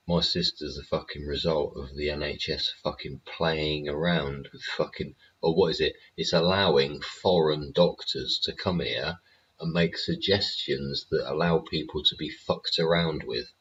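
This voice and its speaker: A man's voice: rumbling low, fairly bright tone, slight background noise. A man, hosting his own show, rambling casually with constant swearing and chuckles. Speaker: host. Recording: slightly dull lo-fi audio with faint ambience.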